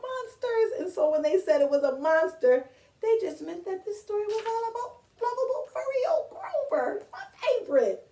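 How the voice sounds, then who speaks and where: At storytime, a woman reads a picture book aloud to children in an extremely high voice at a normal speed, animatedly asking them questions and coaxing them along. The distant mic picks her up in an echoey room.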